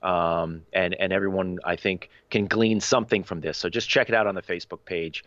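A man's voice: deep voice, steady tone, brisk, a bit bright, no room sound. A man co-hosting a podcast, giving earnest opinions in casual talk with many fillers. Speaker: podcast co-host. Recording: dull, dry sound.

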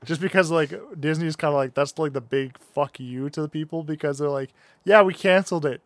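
A man's voice: on the high side, steady tone, brisk, no room sound. A man co-hosting a casual podcast, ranting emphatically and swearing freely. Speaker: podcast co-host. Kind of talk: casual chat.

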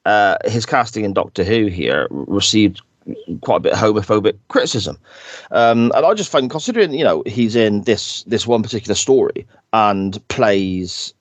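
A man co-hosting a podcast, chatting casually and acting out quotes in exaggerated high voices. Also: lively intonation, normal speed, dry recording. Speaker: podcast co-host. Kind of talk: casual chat.

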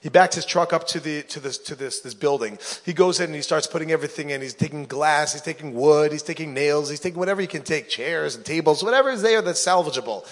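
A man's voice: fairly high pitch, fast talker, few pauses. Man telling a comic story in a hall. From New York. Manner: lively, acts out every character. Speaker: comedian. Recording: long reverb of a hall.

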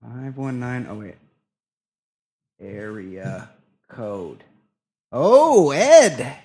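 Excitable profane male podcast host. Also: mid-range voice, extremely slow, slightly rough. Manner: profane, excitable, laughing banter. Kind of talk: casual comedy podcast chat.

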